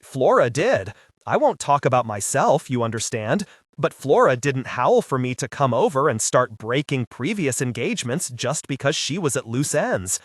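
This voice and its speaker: A man narrating a hardboiled sci-fi audiobook in the first person, wisecracking and expressive. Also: mid-range voice, normal speed, husky, dry recording, clean studio sound.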